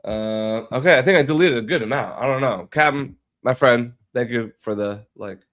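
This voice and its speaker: At a moderate pace, a man with a slightly bright, mid-range voice chats casually on his live stream while editing video. He mutters and swears offhandedly, sounding a bit stuffy and sick from pollen.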